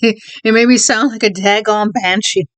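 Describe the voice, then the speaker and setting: A video creator with a mid-range, steady voice speaks a little slowly on a dry recording. Out of breath and holding in a sneeze, she chats casually in her vlog, rambling, correcting herself with a mild stutter, and laughing often.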